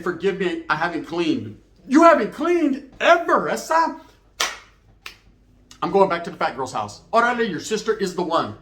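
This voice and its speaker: A man spins a comic bedtime story in loose street slang, forever tossing in "right?". His voice sits high for a man. The room around him is echoey. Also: fairly bright tone. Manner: slangy, rambling, keeps asking "right?". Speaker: storyteller host.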